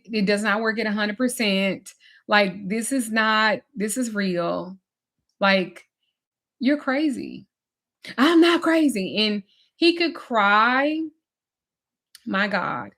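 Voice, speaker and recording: A woman's voice: medium pitch, takes it slowly. Brief: female life coach, frank and emphatic, casual storytelling delivery. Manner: candid, emphatic, swings from animated to drained. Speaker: spiritual teacher and life coach. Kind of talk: personal storytelling in a teaching talk.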